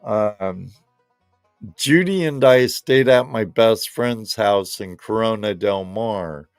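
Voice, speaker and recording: Slow, gravelly-voiced man host. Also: on the low side, no room sound, faint music behind. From Southern California. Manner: rambling, laid-back, talks straight to viewers. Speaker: live show host. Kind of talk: casual live-stream chat.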